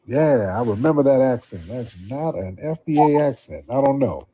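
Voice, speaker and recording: A man's voice: mid-range voice, animated, normal speed, mellow. Casual drawling man hosting a call-in show. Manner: casual, drawling, repeats himself. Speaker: show host.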